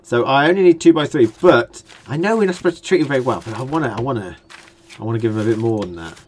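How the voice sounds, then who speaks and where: A man's voice: mid-range voice, lively intonation, fast, a little mellow, slight background noise. A young British man, a gaming channel host, giving rambling, jokey let's-play commentary while he builds in a game. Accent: British English. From Britain.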